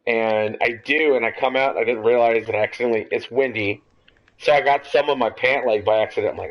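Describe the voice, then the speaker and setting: A young man tells a rambling story at a casual, loose pace, animated and swearing freely. His voice sits at an ordinary middle pitch. The audio is a bit dull and lo-fi. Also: fairly quick. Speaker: podcast host.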